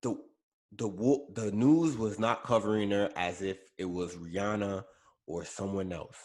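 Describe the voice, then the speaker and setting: A man's voice: fairly low pitch, fairly even intonation, measured pace, darkish tone. Rambling man on a casual podcast. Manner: rambling, self-correcting, frequent fillers. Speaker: podcast co-host. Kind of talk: casual pop culture chat.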